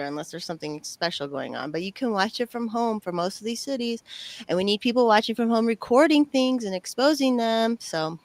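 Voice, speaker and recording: A woman's voice: on the high side, pushed and bright, no room sound. A woman answering as a game show contestant over a video call, blunt and outspoken.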